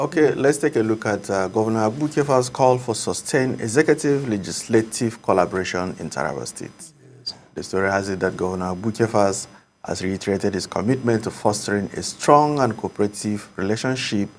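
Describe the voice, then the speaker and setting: A man, reading a news story aloud on a morning show in a measured, formal way. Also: lowish voice, lively intonation, slight background noise. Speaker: co-presenter.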